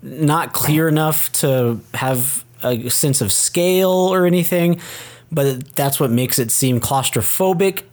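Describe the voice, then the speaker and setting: A laid-back man chatting on a film podcast, trading opinions with his co-host. He pauses on "uh" and laughs easily as he talks. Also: on the high side. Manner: relaxed, hesitant, with "uh" fillers and laughs. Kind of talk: casual chat.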